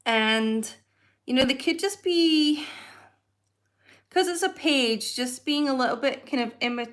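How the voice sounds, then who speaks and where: A woman's voice: sits high, a little slow, a bit bright. A woman hosting a casual live-stream tarot reading, rambling and searching for her words as she goes. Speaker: tarot reader.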